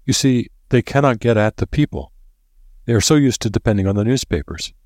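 A man's voice: medium pitch, expressive, a little fast, darkish tone, no echo, pitched above the performer's own voice, natural voice. A man voicing a cheerful, blind young noblewoman in a lilting, lifted voice. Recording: dry close recording.

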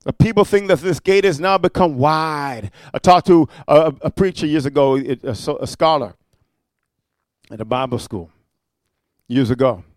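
A man's voice: a little high, moderate pace, darkish tone, dry recording, clean studio sound. A man preaching a sermon, emphatic and rhetorical, prodding listeners with repeated "amen?" and "huh?".

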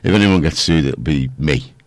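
Deep raspy-ish radio guy rambling and cracking jokes, dry studio mic. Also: normal speed, dry recording. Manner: rambling, jokey, self-mocking. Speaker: radio host. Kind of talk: casual radio chat.

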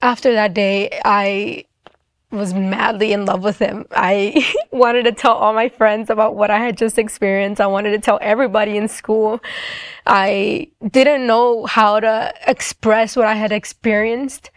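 A woman's voice: medium pitch, little pitch movement, measured pace, dry recording, clean studio sound. A young woman telling her personal faith story in an earnest, reflective way, acting out what people said. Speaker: testimony speaker.

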